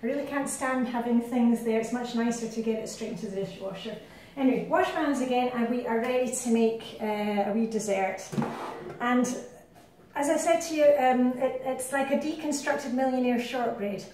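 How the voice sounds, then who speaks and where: Scottish lady chatting while she cooks, kinda high voice, super echoey kitchen, mic far off. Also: moderate pace, a little mellow, slight background noise. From Scotland. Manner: chatty, rambling, self-deprecating asides. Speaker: cooking vlogger. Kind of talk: casual cooking demonstration. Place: home kitchen.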